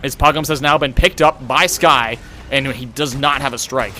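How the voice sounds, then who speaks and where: A young man in his twenties calling a video game match play by play, rapid and excitable. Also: medium pitch, slight background noise. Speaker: esports caster.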